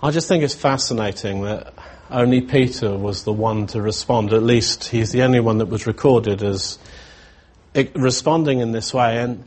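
A man preaching a sermon in a reflective, searching way, often pausing and restarting his thoughts. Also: mid-range voice, darkish tone, husky.

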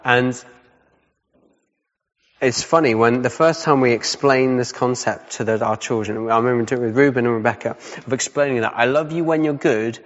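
A man's voice: medium pitch, normal speed. Male preacher, casual sermon, repeats points, long hall reverb, dull lo-fi sound. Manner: conversational, repeats key points, asks "yeah?".

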